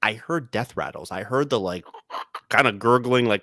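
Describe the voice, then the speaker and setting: A man co-hosting a podcast, telling animated stories in casual chat and slipping into quoted voices. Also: on the low side, normal speed, no echo, clean studio sound. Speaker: podcast co-host. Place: podcast studio.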